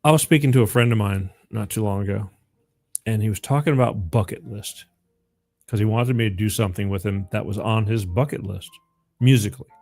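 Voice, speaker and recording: A man's voice: on the low side, brisk, gravelly, a little mellow. Rambling man hosting a call-in show. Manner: rambling, repeats the phone number. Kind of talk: casual live call-in chat.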